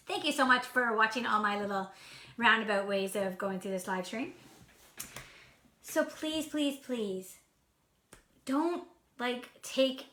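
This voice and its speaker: A bright, energetic woman talks fast and bubbly, with a voice that sits a little high. She runs a casual live stream as a sales coach and laughs easily between thoughts. Her voice rings in an echoey room at home.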